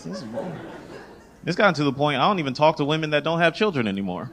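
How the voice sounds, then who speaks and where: Animated Southern-raised man doing stand-up. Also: mid-range voice, fast talker, slight background noise. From the American South. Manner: animated storytelling, acts out voices of people in his stories. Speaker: stand-up comedian. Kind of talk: stand-up comedy set. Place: comedy club stage with laughing audience.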